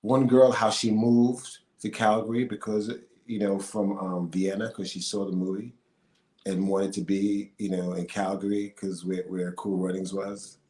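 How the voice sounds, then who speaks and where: A man's voice: sits low, a little slow. A middle-aged man, an actor and singer, chatting as an interview guest, telling stories with lots of fillers and laughs. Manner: animated storyteller, laughs often, many fillers. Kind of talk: casual interview chat. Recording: echoey room with faint noise.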